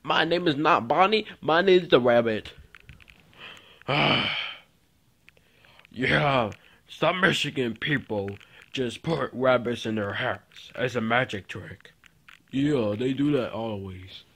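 Brief: a man ad-libbing a homemade puppet show, slow and rambling, mid-pitched. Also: fairly bright tone. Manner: rambling and repetitive, with fillers. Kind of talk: improvised toy puppet skit.

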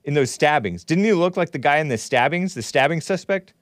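A man's voice: on the high side, expressive, brisk, dry recording, studio quality. A man hosting a casual livestream, rambling and laughing often as he reads comments and takes calls. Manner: rambling, laughs often, talks back to chat. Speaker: host.

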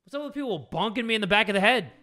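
Young male gamer host, high bright voice, goofy jokes and yelling at the screen. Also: lively intonation, racing. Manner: joking, loud outbursts and goofy asides. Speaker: gaming video host. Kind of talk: excited horror game let's play commentary.

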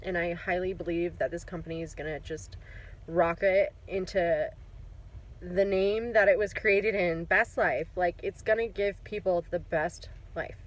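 A woman's voice: lowish voice, steady tone, a little slow, low-quality recording. A woman recording a casual video diary, gushing with gratitude, close to tears and laughing between words. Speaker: client giving a testimonial.

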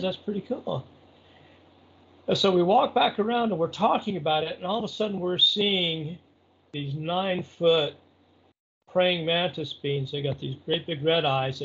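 A man's voice: fairly high pitch, gravelly, husky, highs cut off. A middle-aged man telling a long story in a rambling, conversational way, full of fillers. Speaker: interview guest. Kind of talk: casual storytelling.

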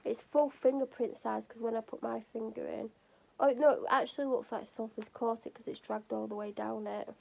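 A woman's voice: on the high side, fairly even intonation, fairly quick, gravelly, darkish tone. A woman with a British accent, chatting and rambling on in a hyper way in a home vlog from her kitchen. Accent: British English. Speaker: vlogger.

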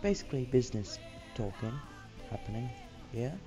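A man's voice: medium pitch, very animated, moderate pace, music in the background. A man hosting a let's play, chatting casually and muttering to himself while he builds. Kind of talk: casual gameplay commentary.

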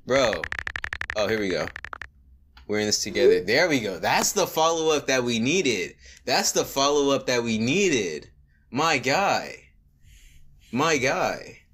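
A man's voice: mid-range voice, sing-song, slow pace, fairly bright tone. Joking young man doing game commentary. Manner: joking, slangy, reads on-screen texts aloud and breaks into mock singing. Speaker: gaming video creator. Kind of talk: casual gameplay commentary.

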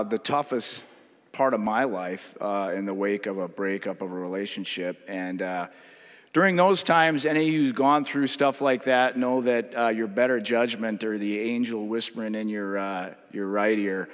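A man from Minnesota with a Minnesotan accent, a state legislator telling a personal story in a memorial floor speech. His talk is conversational and halting, full of uh fillers. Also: mid-range voice, a bit bright. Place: legislative chamber. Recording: long reverb of a large chamber.

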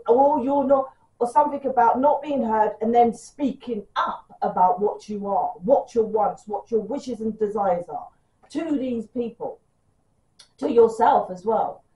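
Chatty British woman reading tarot: fast, blunt, a little hoarse from a sore throat, recorded in an echoey room at a distance. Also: on the high side, dark tone, lo-fi sound. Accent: British English. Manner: fast, chatty, swears freely. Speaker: tarot reader.

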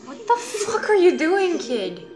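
A woman's voice: very high voice, sing-song, unhurried, over music. A young woman reacting to a children's show, swearing and exasperated, with sarcastic commentary. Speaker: reaction video host.

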